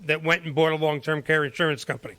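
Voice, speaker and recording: Energetic bright-voiced male host. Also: fairly high pitch, no echo. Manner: energetic, rapid-fire questioning. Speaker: show host. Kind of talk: panel discussion.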